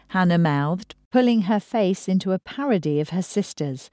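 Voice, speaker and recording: A woman narrates an audiobook in a low, even voice. The recording is close and dry, with no room around it. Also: normal speed, dry recording. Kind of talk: scripted narration.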